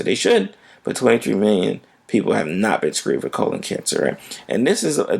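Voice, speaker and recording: A man's voice: on the low side, sing-song, a little fast, gravelly, darkish tone, slightly rough. A man who is a physician, hosting a health podcast in a casual, conversational way and often checking in with "right?".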